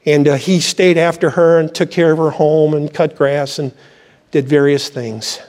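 An older male pastor preaches with fervor, breaking into cries of praise between stories. His voice sits a little high for a man. It rings out with a long reverb tail through the church. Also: steady tone, moderate pace, darkish tone. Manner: fervent preaching with exclamations of praise. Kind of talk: sermon.

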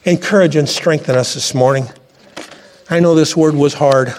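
A pastor preaching a sermon to his church, fervent and swelling to high exclamations. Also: moderate pace, darkish tone. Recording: long reverb from a church hall.

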